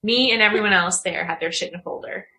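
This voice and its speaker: Young woman, bright tone, loose chatty storyteller with lots of laughs. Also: medium pitch, quick pace, vocal fry, poor audio. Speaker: podcast co-host. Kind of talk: casual chat.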